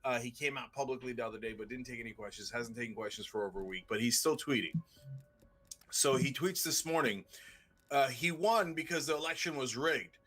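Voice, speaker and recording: A man's voice: medium pitch, a little fast, a bit bright, soft background music. Sarcastic man hosting political commentary. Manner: sarcastic, mocking impressions. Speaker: political show host.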